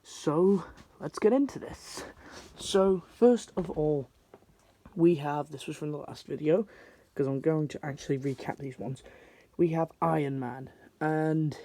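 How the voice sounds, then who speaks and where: A man's voice: a little high, gravelly, dark tone. A man giving a casual, chatty toy review. He rambles a little and uses a lot of filler likes.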